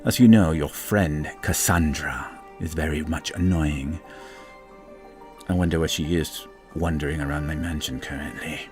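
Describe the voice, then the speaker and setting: A man's voice: very deep voice, fairly even intonation, a little slow, faint music behind. A man voicing a driven, commanding woman arcane scholar who gives curt, focused orders.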